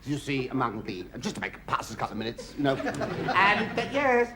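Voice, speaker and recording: A man's voice: medium pitch, huge pitch swings, a little fast, over a noisy crowd. A middle-aged English man doing a camp, gossipy comic monologue, full of stammering restarts and cries of "oh, yes". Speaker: comedian. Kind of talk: stand-up comic monologue to a studio audience. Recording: live studio audience laughter, loud noise.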